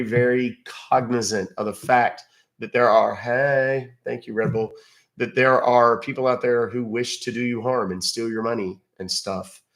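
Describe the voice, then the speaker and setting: A man hosting a casual livestream, rambling conversationally and thanking viewers by name. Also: lowish voice. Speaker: livestream host.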